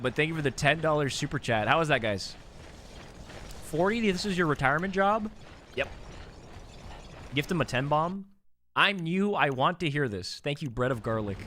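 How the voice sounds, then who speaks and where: A man's voice: fairly high pitch, lively intonation, normal speed, long pauses, a bit bright, slight background noise. A young man streaming a game, casually chatting and joking with his chat as he plays.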